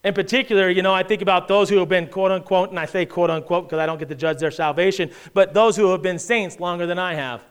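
A middle-aged male pastor preaching in a notably high, smooth and resonant voice. He reads scripture aloud and presses his points with rising intensity. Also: fairly even intonation, fast talker, hardly any pauses. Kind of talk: sermon.

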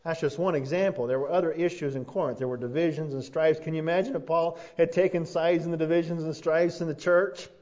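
Pastor guy preaching, fairly high voice, muffled lo-fi recording. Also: fairly even intonation, fast talker, few pauses. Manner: earnest, rising to emphatic peaks then dropping soft. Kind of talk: sermon. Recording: dull lo-fi sound.

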